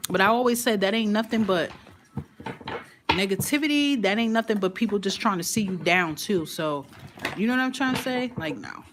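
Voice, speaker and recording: A woman's voice: mid-range voice, expressive, a little fast, noisy background. A woman giving a casual live card reading, chatty and emphatic, with slangy talk and frequent laughter. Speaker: tarot and affirmation card reader.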